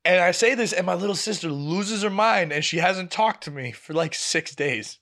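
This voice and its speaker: A young man co-hosting a podcast, chatting casually and telling an animated story, acting out the people he quotes. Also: sits high, normal speed. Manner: animated storytelling, acts out quoted family members. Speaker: podcast co-host. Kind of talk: casual chat.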